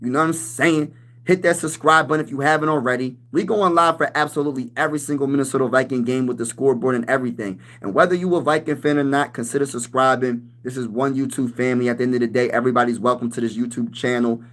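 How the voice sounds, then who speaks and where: A man in his thirties hosts a casual sports livestream, reading comments in a fast, mid-range voice with fairly even intonation. He talks loose and slangy, calls everyone "bro," and breaks into shouts when riled up.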